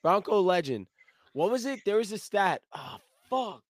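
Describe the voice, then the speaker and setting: A man co-hosting a sports podcast in casual chat, animated and boisterous, swearing and acting out plays with sound effects. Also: high voice, moderate pace, dry recording. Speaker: podcast co-host.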